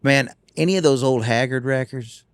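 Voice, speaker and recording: A man, a guest telling lively stories in casual chat on a tour bus. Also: medium pitch, moderate pace, no echo. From North Carolina. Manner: animated storyteller.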